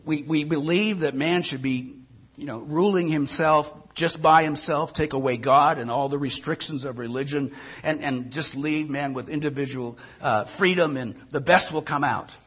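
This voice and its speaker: A man's voice: a little high, moderate pace, a bit bright, breathy edge. An older male pastor giving a conversational sermon, often repeating words as he thinks.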